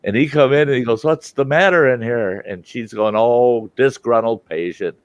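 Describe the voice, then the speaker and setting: A man's voice: mid-range voice, fairly quick, dry recording, dull audio. An older man hosting, telling a personal story in a casual way and acting out the voices of the people in it. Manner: animated, acts out quoted voices. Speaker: storytelling host.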